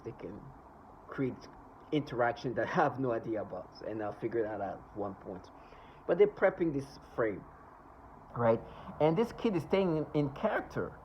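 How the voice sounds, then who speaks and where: A man rambles through a personal monologue, his tone scornful and full of insults, tripping over restarts and asides as he goes. His voice sits at a middling pitch. The recording sounds dull and lo-fi, with a faint hiss underneath. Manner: halting, with many restarts and asides. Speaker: vlogger.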